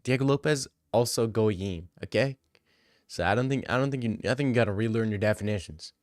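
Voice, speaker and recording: A man's voice: lowish voice, a little fast, no echo, studio quality. A young man hosting a casual livestream. He reads out viewers' questions and answers in a joking, slang-heavy way. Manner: slangy, joking, reads chat questions aloud then riffs. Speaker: livestream host answering chat.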